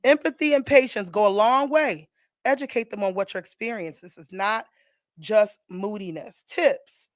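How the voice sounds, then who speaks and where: A woman's voice: medium pitch, moderate pace, no echo, studio quality. A woman radio host with a Southern US accent, talking in a casual, emotional way and laughing easily. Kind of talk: casual talk radio chat.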